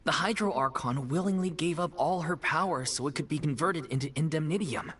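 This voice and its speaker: A woman voicing a calm, steady companion character in a fan game dub. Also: low-pitched, brisk, slightly rough. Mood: explaining.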